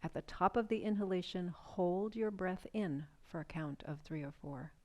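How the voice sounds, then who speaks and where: A woman with a slightly low voice guides a seated yoga breathing practice. She talks calmly and gently, inviting the listener to notice each breath. Her instructions come as soft, patient questions. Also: moderate pace.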